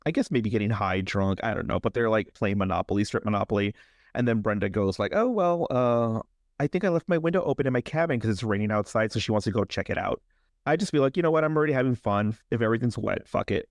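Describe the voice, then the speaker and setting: A low-voiced, fast-talking man co-hosts a podcast, recounting a movie in a relaxed way while animatedly acting out its characters' lines in exaggerated voices. There's no room sound, and the quality is studio grade.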